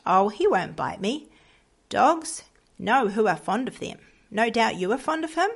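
A woman reading the lines of an earnest, pious lady who gently reproaches a stranger, with a slightly gravelly voice. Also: on the high side, big pitch swings, a little slow, exaggerated voice. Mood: coaxing.

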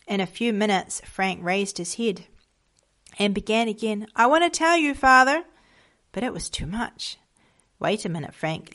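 A woman reading a moral children's story aloud in a gentle, measured way, giving small voices to the characters. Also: mid-range voice.

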